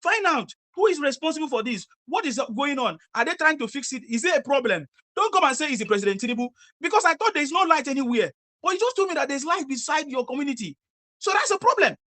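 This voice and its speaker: A woman, interviewing people in the street and lecturing them forcefully with a lot of repetition. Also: high voice, sing-song, fast.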